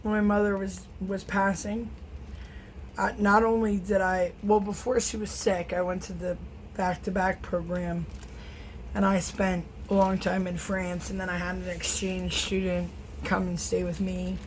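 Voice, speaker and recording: A middle-aged acrylic pour artist chats and rambles casually while painting in her home studio, teasing herself along the way. Her medium-pitched voice shows little pitch movement and is a little slow, and the low-quality recording carries a little hiss or hum.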